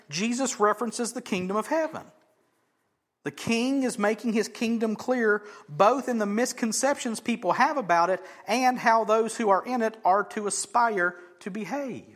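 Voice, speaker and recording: A male pastor preaching a sermon, swinging from loud emphasis to hushed near-whispers and acting out the voices in his text. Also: extremely high pitch. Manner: acts out quoted voices of crowds and Jesus.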